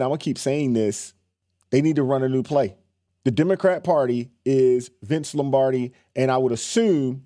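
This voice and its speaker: A man's voice: mid-range voice, mellow, no room sound, studio quality. A man hosting a reaction commentary channel, speaking emphatically and repeating his points with indignation.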